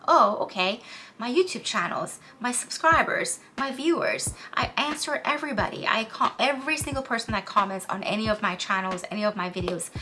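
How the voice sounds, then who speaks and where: A woman's voice: mid-range voice, bright, forceful tone. A woman talking candidly to camera while doing her makeup, a vlogger and spiritual counselor sharing heartfelt, self-soothing advice.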